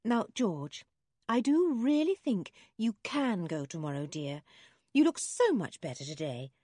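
A woman voicing a kindly middle-aged mother in a storybook reading, affectionate and gently scolding. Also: mid-range voice, big pitch swings, unhurried, no room sound, studio quality, pitched above the performer's own voice. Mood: fond.

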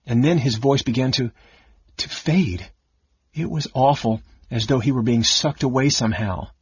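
A man putting on a frightened young noblewoman cleric, pleading in a raised, breathy voice. The storybook recording is dull and dry. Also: medium pitch, moderate pace, dry recording.

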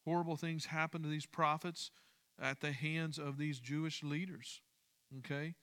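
A man's voice: on the high side, steady tone, moderate pace, a bit bright, smooth. A man leading a midweek Bible study, speaking emphatically, repeating key phrases and putting questions to his listeners.

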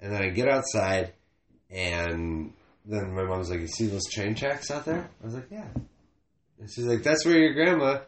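A man's voice: on the low side, moderate pace. A man telling a rambling story on a casual podcast, swearing and trailing off often. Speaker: comedian podcast host. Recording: echoey room with faint noise.

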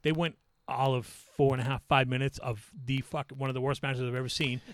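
A man's voice: medium pitch, level tone, fairly quick, dry recording. A man who is a guest on a podcast, telling stories in a blunt, profane, matter-of-fact way. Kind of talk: casual chat, storytelling.

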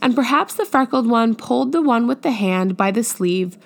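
A woman reading a classic novel aloud as audiobook narrator, measured and even. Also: a little high, creaky. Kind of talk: scripted narration.

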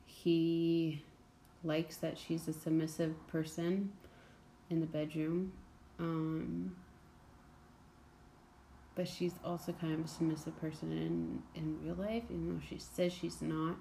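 A young woman talks through a book in a loose, chatty way, blunt and peppered with "like" and "um". Her voice is mellow and a touch low for a woman. A faint hiss of noise sits under her recording. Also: little pitch movement, takes it slowly, gravelly, long pauses. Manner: chatty, blunt, many fillers and "like"s. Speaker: book podcast host. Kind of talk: casual book review chat.

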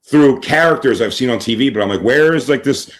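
A man in casual podcast chat who rambles with halting restarts. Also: medium pitch.

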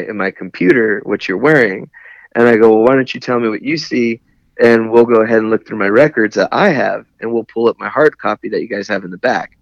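This is conversational storytelling from a Navy veteran, whose gravelly voice sits at medium pitch. He spins a long personal tale with candor and dry humor, laughing at how angry he got, in lo-fi sound without echo.

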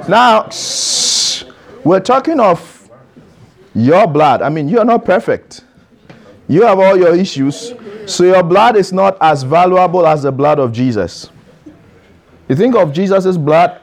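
A preacher with a somewhat high voice for a man delivers an emphatic sermon. He repeats his phrases and throws questions directly at the listeners. His delivery swings between hushed, intimate moments and loud, urgent calls. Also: animated, slow. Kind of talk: sermon to a youth audience.

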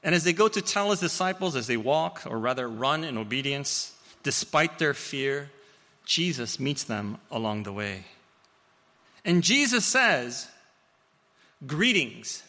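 A man preaching a sermon, telling stories with playful asides and swinging between loud and hushed. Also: medium pitch, measured pace, big-room sound. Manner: storytelling, animated, with playful asides.

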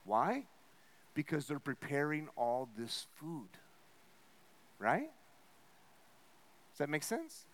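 A man's voice: on the high side, wildly swooping pitch, slow, long pauses. A male pastor preaching a sermon, explaining step by step, checking in with "okay?" and "right?", and acting out the host's lines with a raised voice. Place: church.

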